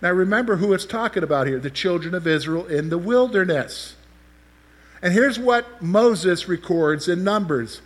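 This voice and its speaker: A man's voice: high voice, expressive, normal speed. A man preaching a sermon, explaining scripture and asking the listeners questions as he teaches. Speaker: pastor.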